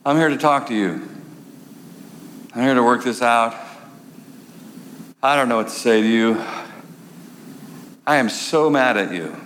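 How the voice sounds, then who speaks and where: A man's voice: medium pitch, measured pace, long pauses, fairly bright tone. A man preaching a storytelling sermon, wry and conversational, turning earnest and weary. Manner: wry, conversational, then pleading and worn out. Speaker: pastor. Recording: echoey hall, faint noise.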